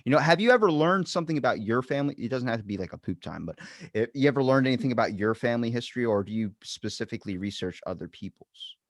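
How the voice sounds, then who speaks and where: A man hosting a podcast interview, telling stories in a lively, animated casual chat. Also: fast talker, no echo, studio quality. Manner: animated storyteller with big pitch swings. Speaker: podcast host.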